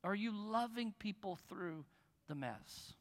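A man's voice: high voice, expressive, slow, big-room sound. A man preaching a sermon as pastor, conversational and joking with his congregation. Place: church in front of a congregation.

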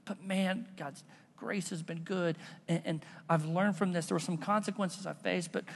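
A man's voice: high voice, fairly even intonation, normal speed, creaky. A man preaching a sermon as a pastor, in a casual, conversational style that mixes stories into his preaching. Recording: long reverb of a large hall.

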